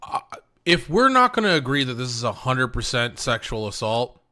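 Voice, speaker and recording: A man's voice: medium pitch, big pitch swings, moderate pace, bright, forceful tone. A man co-hosting a podcast, making his case in an earnest, argumentative way. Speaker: podcast co-host. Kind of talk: casual discussion.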